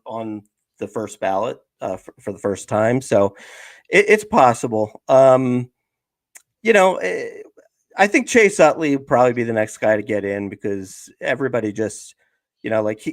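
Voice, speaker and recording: A man's voice: on the low side, no room sound. A man, chatting casually on a sports podcast and rambling through lots of fillers. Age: 50s. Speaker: podcast host.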